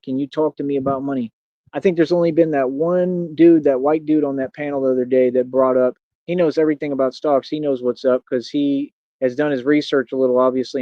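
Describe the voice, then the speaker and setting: A man's voice: medium pitch, dry recording, dull audio. A man in his thirties hosting a livestream, ranting boastfully and confrontationally at his critics. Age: 30s. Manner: boastful, confrontational, talks fast. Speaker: streamer and radio show host. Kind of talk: livestream rant.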